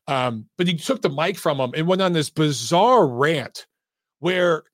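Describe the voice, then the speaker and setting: A man's voice: fairly high pitch, expressive, measured pace, fairly bright tone, dry recording, studio quality. A middle-aged man hosting a boxing podcast, ranting in casual commentary with profane, emphatic, repetitive talk.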